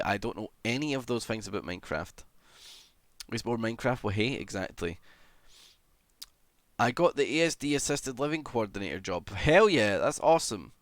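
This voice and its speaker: Man, low voice, casual streamer chat, reading comments, excited shouts, dry close sound. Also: no room sound. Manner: chatty, greets viewers, bursts into excited shouts.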